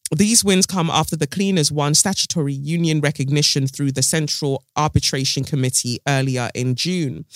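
A man's voice: fairly high pitch, fairly bright tone, dry recording. A man hosting a podcast while lying down, talking casually with lots of ums and self-corrections. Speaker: podcast host. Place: lying down, at home. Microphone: microphone set close while lying down.

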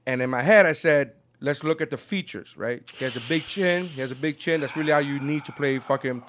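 A man in casual podcast chat, swearing a lot and acting out quotes with big shifts in loudness. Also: on the high side, fairly quick, slight background noise. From South Florida. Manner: animated, profane, acts out quotes.

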